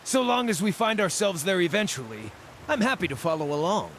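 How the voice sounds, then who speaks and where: A man's voice: high-pitched, fairly quick, a little hiss or hum. A man voicing a cheerful small male Orlan druid in a video game, talking with jovial relish, over game music. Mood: eager. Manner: jovial and relishing, lively sing-song delivery. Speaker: game character.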